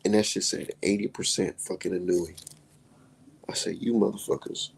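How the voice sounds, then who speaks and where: A man hosting a live stream, ranting heatedly with lots of profanity and sudden jumps in pitch. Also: moderate pace, vocal fry, slightly rough.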